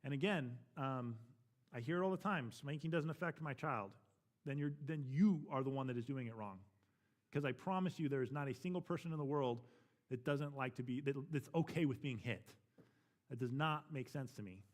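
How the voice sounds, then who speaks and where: A man's voice: mid-range voice, fairly quick. A man teaching a church parenting class, talking frankly and matter-of-factly, often checking in with "right?".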